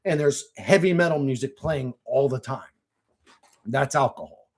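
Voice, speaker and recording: A man's voice: medium pitch, normal speed, very noisy. Rambling, profane man chatting on stream. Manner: rambling, profane, laughs often. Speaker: channel host. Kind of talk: casual livestream chat.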